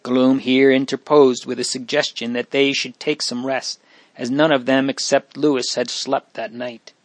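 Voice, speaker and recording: A man narrating a storybook in a steady, unhurried reading voice. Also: medium pitch, dry recording. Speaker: audiobook narrator.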